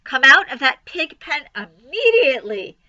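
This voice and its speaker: A woman's voice: medium pitch, extremely slow, pushed and bright, dull audio. A woman voicing a stern farm mother in a storybook reading, speaking in a scolding, commanding way.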